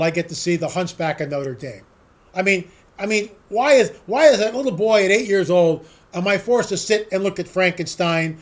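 A man hosting a political talk show, delivering an emphatic, sarcastic opinion monologue full of rhetorical questions. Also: high voice.

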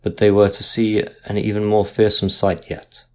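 A man reading a sea ghost story aloud in a measured, dramatic narration style. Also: fairly low pitch, monotone.

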